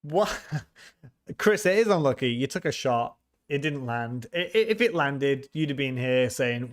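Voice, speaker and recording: A man's voice: medium pitch, expressive, normal speed. Casual male streamer, mid-range voice, banters with chat and restarts his sentences. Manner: chatty, teasing, laughs often, frequent restarts. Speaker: livestream host. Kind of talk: casual livestream chat reading viewer comments.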